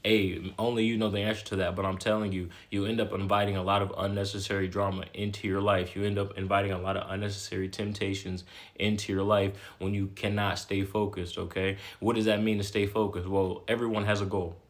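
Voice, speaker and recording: A man's voice: on the low side, flat delivery, a little fast. A man giving a blunt, slangy motivational talk, repeating himself and tagging lines with "okay?". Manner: repetitive, emphatic, keeps adding "okay?". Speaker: motivational talker. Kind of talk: casual motivational monologue.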